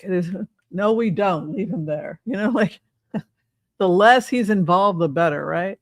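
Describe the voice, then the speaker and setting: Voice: mid-range voice, measured pace, no room sound. An older tarot reader giving a casual reading, rambling and sarcastic, swearing freely.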